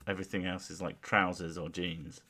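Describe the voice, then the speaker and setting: Brief: male podcast host, very low voice, dry teasing banter. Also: little pitch movement, a little fast, pushed and bright. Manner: dry, teasing, mock-exasperated. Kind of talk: casual chat.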